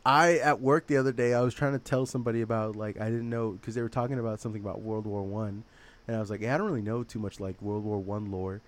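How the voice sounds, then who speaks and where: A man's voice: fairly low pitch, steady tone, fast. A man co-hosting a podcast in casual, rambling chat, laughing often. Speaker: podcast co-host.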